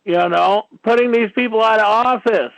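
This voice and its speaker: A man's voice: sits high, normal speed, fairly bright tone, no room sound. A man hosting a talk radio show, ranting in a rambling monologue packed with "you know"s, on dull lo-fi audio. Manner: ranting, filler-heavy, many "you know"s.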